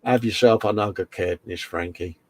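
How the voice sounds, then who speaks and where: Fairly low in pitch and fairly quick, this British-accented man's voice comes through with no room sound at all. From his home workshop he runs a laid-back model-building livestream, reading viewer comments aloud and calling everybody mate in his friendly, matey manner.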